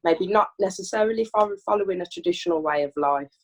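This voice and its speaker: A woman's voice: fairly low pitch, fast talker. A woman in her thirties from Birmingham, with a Birmingham accent with a bit of Manchester in it, chatting as a podcast guest. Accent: Birmingham with a Manchester tinge. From Birmingham, England. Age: 30s. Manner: relaxed and chatty, with soft fillers. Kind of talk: casual chat.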